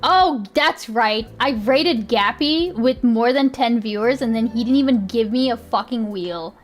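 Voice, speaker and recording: A woman's voice: fairly high pitch, unhurried. Chatty young woman streamer, rambling. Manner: rambling, chatty, laughs often, swears casually. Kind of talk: casual live-stream chat.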